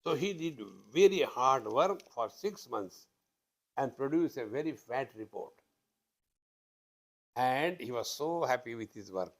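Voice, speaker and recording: A man's voice: mid-range voice, lively intonation, a little slow, pauses often. A man gives a spiritual discourse to an audience. He tells stories in a blunt, emphatic way and keeps calling his listeners friends. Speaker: spiritual teacher.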